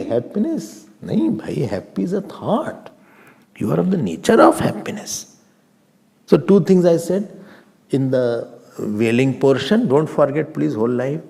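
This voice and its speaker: A man, a swami, giving a humorous, animated Vedanta class, mixing Hindi into his English and chanting Sanskrit verses. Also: a little high, normal speed, gravelly. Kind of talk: scripture class lecture. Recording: reverberant hall.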